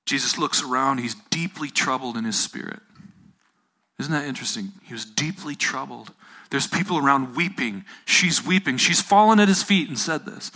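A man's voice: mid-range voice, expressive, moderate pace, pushed and bright. A man preaching a sermon, retelling a Bible story to a live audience, repeating phrases and asking his listeners questions.

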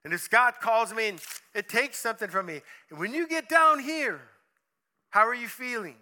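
A man preaching a sermon in an animated storytelling manner, asking his listeners questions and acting out voices along the way. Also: extremely high pitch, moderate pace.

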